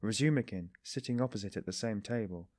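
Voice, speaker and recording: A man narrates a classic novel as an audiobook, telling the story in a steady, measured way. His voice sits on the low side, and the studio-quality recording has no echo.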